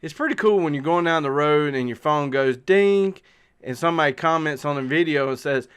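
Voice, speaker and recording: A man's voice: a little high, fairly quick, fairly bright tone, clean tone. A middle-aged man with a Southern US accent, chatting casually to viewers on a live stream and rambling with lots of fillers and restarts. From South Carolina. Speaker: outdoor channel host. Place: outdoors.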